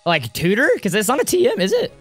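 High-voiced, giggly young man. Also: fast, no room sound, soft background music. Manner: giggly, excitable banter. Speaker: co-host. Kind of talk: playful let's-play commentary.

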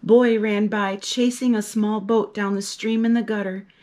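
A woman reads a picture book aloud to children, lively and expressive as she acts out the characters. Her voice is mid-range and her pace measured.

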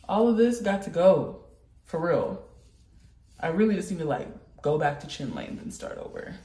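A woman vlogger with the flu chatting in a rambling way, with sudden animated outbursts. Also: fairly low pitch. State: sick with the flu. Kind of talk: casual chat. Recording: roomy echo.

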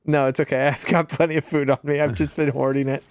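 A man's voice: fairly high pitch, flat delivery, fast talker, no echo. Playful guy streaming a co-op game, laughs a lot, dry voice. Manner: playful, laughs often, thanks viewers. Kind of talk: casual gaming chat.

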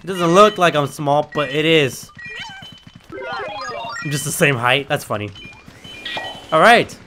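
A young man giving excitable, trash-talking commentary while playing a video game. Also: a little high, measured pace, over music. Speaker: gaming video creator. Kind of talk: gameplay commentary.

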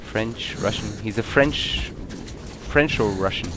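A man who is a bit sick, giving excitable let's-play commentary and swearing often. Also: fairly low pitch, slow. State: sick, coughing. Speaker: gamer. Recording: noisy game audio.

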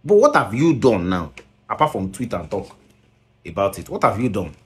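A man's voice: lowish voice, very animated, normal speed. A man with a Nigerian accent scolding in a commentary video, mixing Pidgin and English and firing rhetorical questions.

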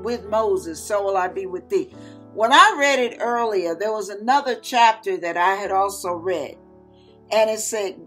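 A woman's voice: mid-range voice, fairly bright tone. A woman hosting an online ministry, speaking heartfelt and tender as she shares and reads scripture. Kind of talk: devotional scripture teaching.

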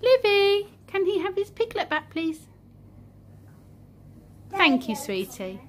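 A woman's high voice bounces all over the place as she coaxes little children through a play session. She talks in a sing-song, encouraging way, like a patient teacher keeping toddlers engaged. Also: sing-song, slow pace, a little hiss or hum. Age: adult. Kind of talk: playful talk with toddlers.

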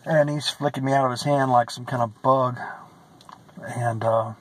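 A man's voice: medium pitch, steady tone, normal speed, low-quality recording. A man giving a personal religious testimony, earnest and emotional, who repeats phrases and sometimes drops to a whisper.

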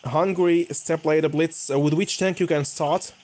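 Excitable gamer man. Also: a little high, moderate pace. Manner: excitable, bursts of cheering and groaning. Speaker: gaming YouTuber. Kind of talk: live gameplay commentary.

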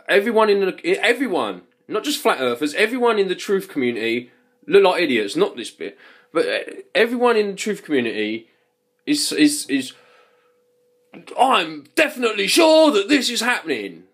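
A man's voice: high voice, sing-song, normal speed, a bit bright, breathy edge. A man delivering an angry, profane rant to camera, repeating himself as he gets worked up. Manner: heated, swearing, repeats himself. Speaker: vlogger.

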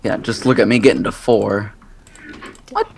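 A woman's voice: very deep voice, wildly swooping pitch, moderate pace, gravelly, a little mellow. A teenage girl chatting casually and giggling while playing a game. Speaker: gamer. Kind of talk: casual gaming chat.

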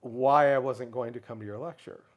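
A middle-aged man speaks at an ordinary, middle pitch while telling a long story in a relaxed interview. He is animated and lively, and now and then lifts his voice to act out another person's words. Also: moderate pace. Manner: animated storyteller, acts out others' lines in a raised pitch. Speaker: guest speaker.

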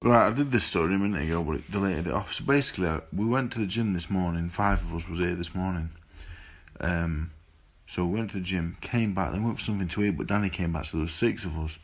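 A man's voice: low voice, fast, slightly rough. A man, a boxer, telling a rambling, sweary story in a laid-back, casual way. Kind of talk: casual storytelling to phone camera.

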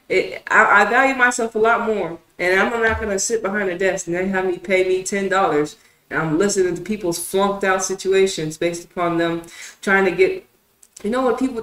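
A young adult woman, a streamer and football show host who rants casually and with heavy swearing, going from low, thoughtful musing to loud, exasperated outbursts. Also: roomy sound.

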